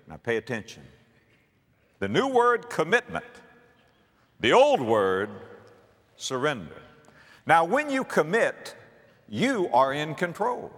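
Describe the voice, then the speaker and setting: A man's voice: on the high side, fairly bright tone. Emphatic preacher man in a reverberant hall. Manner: emphatic preacher, building repetition and rhetorical questions. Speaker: pastor. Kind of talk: sermon.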